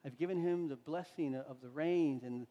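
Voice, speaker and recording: A man's voice: a little high, moderate pace, warm tone, in a large hall, lo-fi sound, voice pushed down, lightly acted. A preacher voicing a weary old blind father. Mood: resigned.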